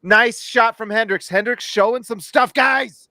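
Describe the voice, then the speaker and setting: A man in his thirties hosting a casual live stream, reacting to a basketball game with jokes and excited shouts. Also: very high-pitched, measured pace, dry recording. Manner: excitable, jokey, shouts at big plays. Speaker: host.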